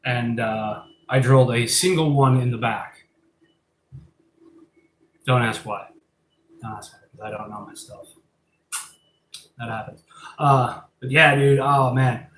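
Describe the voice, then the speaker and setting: A man hosting a casual live stream, rambling and excitable, laughing and swearing as he talks. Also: medium pitch, slow, long pauses, a little hiss or hum. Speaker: live-stream host showing his pet invertebrates. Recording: echoey room with faint ambience.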